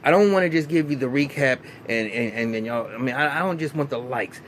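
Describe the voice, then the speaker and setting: A man, recapping a TV episode in a casual, animated, profane way full of fillers and restarts. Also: mid-range voice, fairly quick, a little hiss or hum. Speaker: TV recap vlogger.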